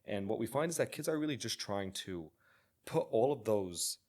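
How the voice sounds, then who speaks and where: Earnest low-voiced male podcast host. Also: lively intonation, normal speed, darkish tone. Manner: earnest, many restarts and repeated words. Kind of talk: casual interview chat.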